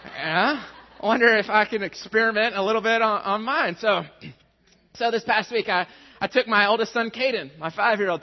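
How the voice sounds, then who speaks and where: A man in his thirties preaches in a large hall, telling a self-mocking personal story in a fairly high voice. The sound is dull and carries a long reverb. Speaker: pastor.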